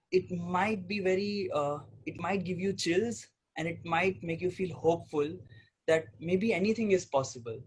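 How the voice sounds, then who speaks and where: A man's voice: a little high, husky. A young man telling a personal story as a spiritual healing teacher, speaking earnestly in repetitive lists of phrases. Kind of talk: storytelling talk.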